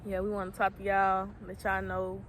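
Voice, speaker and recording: A young woman co-hosting a casual chat outdoors, drawing her words out slowly. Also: medium pitch, completely flat delivery, a bit bright, a little hiss or hum. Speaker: co-host.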